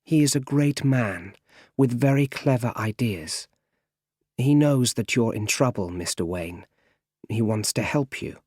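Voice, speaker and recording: A stern male mentor speaking in a firm, measured voice, read by a male audiobook narrator. The lines come slowly, in a dry, close recording. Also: mid-range voice, animated, darkish tone, no room sound. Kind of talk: audiobook character reading.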